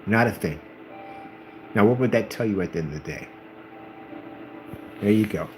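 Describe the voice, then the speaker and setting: A man's voice: fairly low pitch, normal speed, a little hiss or hum, low-quality recording. A man giving an informal religious talk, emphatic and preachy, acting out the people in the stories he tells. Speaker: channel host.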